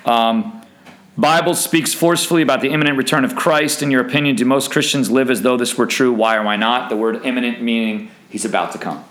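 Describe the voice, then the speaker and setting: A man's voice: mid-range voice, a little fast, a bit bright. Man teaching a Bible study, roomy echo. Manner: conversational, asks the group questions and jokes. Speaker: young singles Bible study leader.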